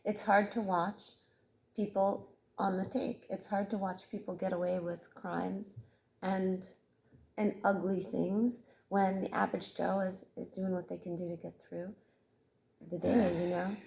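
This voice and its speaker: A woman co-hosting a podcast who answers calmly and reassuringly, repeating her phrases. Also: medium pitch, a little slow, creaky, low-quality recording. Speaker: podcast co-host. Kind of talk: casual conversation.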